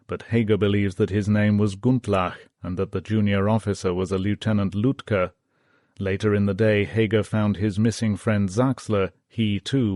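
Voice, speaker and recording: A man narrating a history audiobook in a steady, measured reading. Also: lowish voice, no room sound, studio quality.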